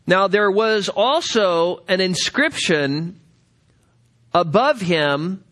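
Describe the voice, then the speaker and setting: A man teaching a Bible study lecture, directing listeners to passages and reading scripture aloud slowly with emphasis. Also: high voice, expressive, fairly bright tone.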